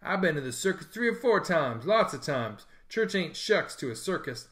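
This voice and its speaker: A man's voice: a little high, sing-song, moderate pace, a bit bright. A man voicing an eager, boastful young schoolboy in a storybook reading, wheedling and keen.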